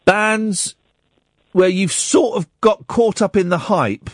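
A man's voice: high voice, takes it slowly, no echo, clean studio sound. A man hosting a radio show, chatting casually in a rambling way with many restarts. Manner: animated, rambling, stumbling restarts. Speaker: radio host.

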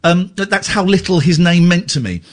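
A male English radio host in lively banter, ranting in mock outrage and stumbling over restarts. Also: sits high, brisk.

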